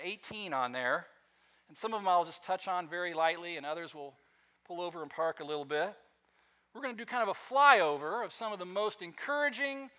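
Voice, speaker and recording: Bright high-voiced preaching man. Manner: emphatic preaching with wide swings in loudness. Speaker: pastor. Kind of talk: sermon.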